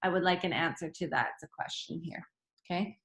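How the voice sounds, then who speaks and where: A woman's voice: fairly low pitch, fairly quick, gravelly. A woman teacher giving a grammar lesson to children, acting out sentences in different tones of voice. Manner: expressive, acts out sentences in varied tones. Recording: echoey room.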